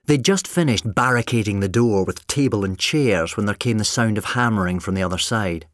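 A man narrating an audiobook in an expressive storytelling manner. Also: fairly low pitch, brisk, no echo, clean studio sound.

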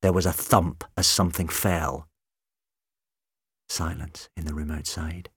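Male narrator, very low voice, dry close read, measured storytelling. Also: fairly even intonation, fairly bright tone, slightly rough, no echo. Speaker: audiobook narrator. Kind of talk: scripted narration.

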